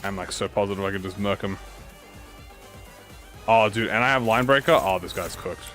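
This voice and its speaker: A young man giving casual let's-play commentary, excitable and slangy, swearing freely as he thinks out loud. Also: fairly low pitch, normal speed. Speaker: gaming YouTuber. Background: faint game music.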